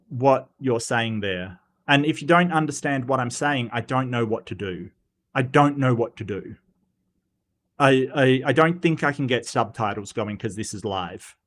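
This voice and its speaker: An Australian man hosting a live commentary stream and answering chat, blunt and wry, with halting restarts. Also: mid-range voice, a bit bright.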